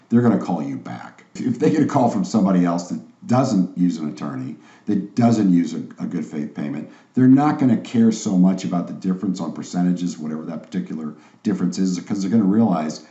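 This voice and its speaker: A man's voice: low voice, sing-song, a little fast, warm tone. A confident, emphatic man teaching a sales training course in a salesy manner. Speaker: online course instructor. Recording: roomy, slightly dull sound.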